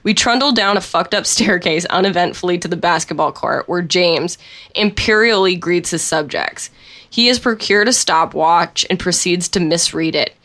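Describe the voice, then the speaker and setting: A woman with a lowish voice reads a written story aloud. She keeps a dry, wry tone and laughs often as she goes. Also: normal speed, fairly bright tone. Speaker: co-host reading a story aloud.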